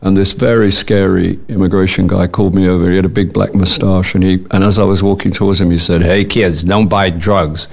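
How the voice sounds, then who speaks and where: A man with a low, gravelly voice talks with a guest's dry wit. He tells his stories unhurriedly and wryly, often stopping to restart a phrase. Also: level tone. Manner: dry, wry, with halting restarts. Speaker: actor guest. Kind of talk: casual interview chat.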